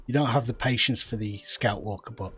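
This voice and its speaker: A man's voice: medium pitch, fairly quick, a bit bright, slightly rough. A man streaming a game, chatting casually with friends and laughing easily. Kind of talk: casual gameplay chat.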